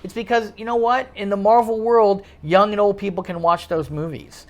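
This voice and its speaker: A man's voice: high voice, fairly even intonation, normal speed. A man who works as a stand-up comedian, ranting bluntly and swearing freely as the guest in a casual chat.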